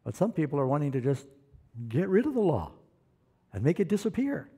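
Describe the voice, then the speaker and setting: A man preaching a sermon, animated and questioning the congregation, calling for amens. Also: fairly high pitch, fairly quick, slightly rough. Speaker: pastor.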